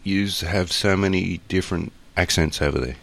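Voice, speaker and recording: A man's voice: sits low, normal speed, vocal fry, fairly bright tone. An Australian man co-hosting a podcast in casual chat, blunt and joking, rambling on. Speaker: podcast co-host.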